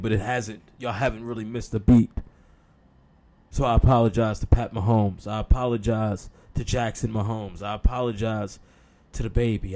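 Hosting a sports talk show, a man with a lowish, warm voice speaks casually. His humor is sarcastic and mock-apologetic, and he says "y'all" often.

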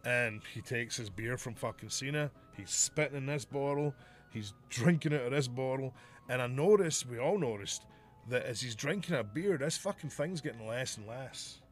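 Over faint background music, a man speaks at normal speed in a medium-pitched voice, casually recounting a rowdy tale on a podcast. His delivery is animated and profane, and he laughs as he goes.

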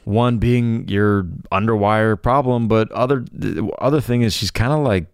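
A man's voice: fairly low pitch, moderate pace, smooth, no echo, studio quality. A man in his thirties co-hosting a podcast with his wife, chatting casually, easygoing and teasing, laughing often. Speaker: podcast co-host. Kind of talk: casual chat.

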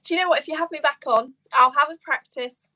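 A woman's voice: sits high, fast, pushed and bright. A teenage girl appearing as a guest on a casual podcast chat, giggly and bashful. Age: teens. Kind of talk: casual group chat on a video call.

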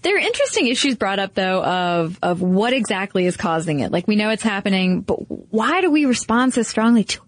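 A woman's voice: mid-range voice, big pitch swings, fairly quick, hardly any pauses, no room sound. A woman co-hosting a podcast, talking in a thoughtful, conversational way. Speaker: podcast co-host. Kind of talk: casual podcast discussion.

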